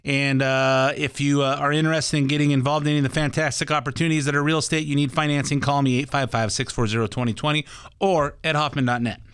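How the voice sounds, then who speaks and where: A man's voice: fairly high pitch, level tone, quick pace, a bit bright, smooth, no room sound. An older man hosting a talk radio show, rambling in a casual folksy way with lots of fillers. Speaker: radio show host and mortgage broker.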